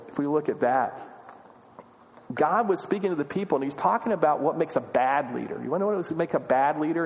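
A man's voice: medium pitch, long reverb tail. A man preaching a sermon, earnest and full of rhetorical questions, building in emphasis as he goes. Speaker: pastor.

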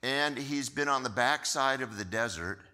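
A man preaching a sermon, telling the story in an animated way and often repeating words as he goes. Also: mid-range voice, normal speed, in a large hall. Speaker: pastor.

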